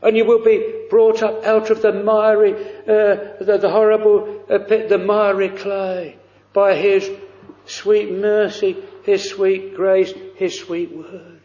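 A man preaching a sermon, slow and fervent, drawing out pleading phrases. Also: high voice, little pitch movement, mellow. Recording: dull lo-fi recording in a reverberant hall.

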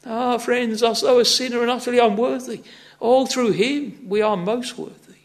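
Male preacher with a strikingly high, fry-tinged voice, earnest and exhorting in the pulpit. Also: fairly even intonation, normal speed. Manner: earnest, exhorting, with frequent "ah, friends" and "oh". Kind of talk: sermon.

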